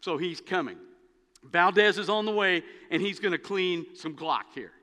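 Male pastor, high bright voice, storytelling sermon, long hall reverb. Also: normal speed. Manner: storytelling, animated, dry humor. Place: church sanctuary.

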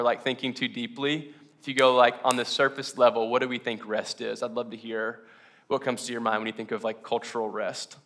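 A man's voice: medium pitch, sharp tone. A man preaching a casual, conversational sermon to his congregation, laughing often and asking them questions. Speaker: pastor.

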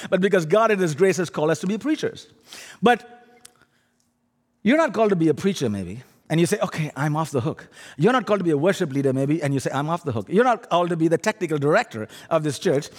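Middle-aged man, Indian accent, animated humorous sermon, high-pitched, echoing church hall. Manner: humorous, animated, audience-teasing. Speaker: guest preacher.

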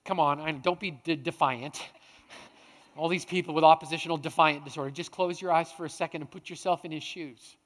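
A male pastor preaching a sermon, dramatic, swinging between hushed and loud. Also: a little high, fairly even intonation, brisk. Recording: long hall reverb.

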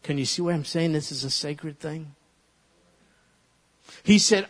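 A man preaching a sermon as a pastor, animated and leading his listeners in repeating a verse aloud. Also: a little high, a little slow, pauses often, husky. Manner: animated, leads congregation in call-and-response recitation. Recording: long reverb of a large hall.

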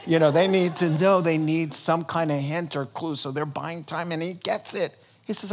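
Animated, joking male preacher. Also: on the high side, moderate pace, hardly any pauses. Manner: animated, humorous storytelling. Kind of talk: sermon.

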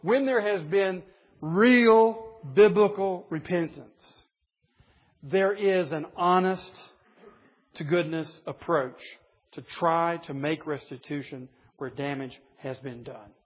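A man's voice: on the high side, slow pace. A man preaching a sermon to a group of men, earnest, pressing his points with rising emphasis. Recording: dull lo-fi recording in a reverberant hall.

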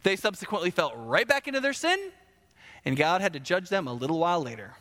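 A man preaches in a casual, conversational way, acting out the people he quotes. His voice is on the higher side, with a bright edge. It rings out in a large hall with a long reverb tail. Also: very animated, brisk. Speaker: pastor. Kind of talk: sermon.

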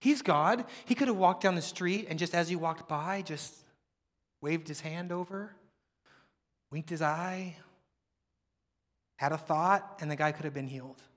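A man's voice: a little high, measured pace, long pauses, big-room sound. A man preaching a sermon, telling stories dramatically, crying out quoted lines and then dropping to near whispers. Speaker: pastor.

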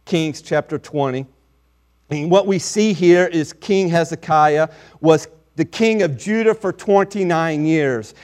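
A man preaching a sermon, reading scripture aloud and stressing his points firmly. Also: high voice.

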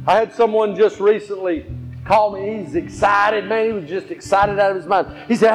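A man's voice: high-pitched, moderate pace. A male pastor preaching a sermon, telling stories and repeating phrases for emphasis. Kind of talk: sermon with storytelling. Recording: slightly dull, faint guitar behind.

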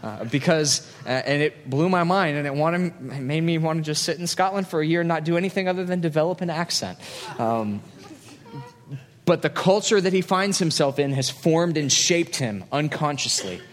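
A man's voice: on the high side, expressive, moderate pace. A man, a pastor, preaching a conversational sermon in a church and telling stories with quoted asides. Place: church hall. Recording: long hall reverb.

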